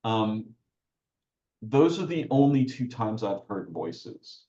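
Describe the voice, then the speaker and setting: A man with a low voice speaks as a podcast guest, working through his ideas aloud and breaking off to restart phrases. The sound is roomy and somewhat dull, with a lo-fi edge. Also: sing-song, slow pace, mellow. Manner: searching, self-interrupting, restarts phrases. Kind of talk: reflective conversational talk.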